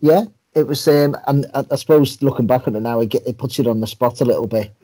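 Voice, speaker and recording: A man's voice: mid-range voice, fast, mellow. A male podcast co-host asking questions hesitantly, searching for words. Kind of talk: casual interview questions.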